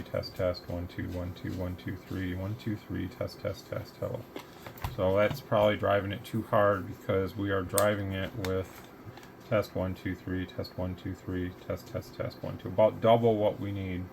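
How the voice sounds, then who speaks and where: A man's voice: sits low, slight background noise. A man casually demonstrating radio equipment, explaining in a rambling, offhand way. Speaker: radio hobbyist testing equipment.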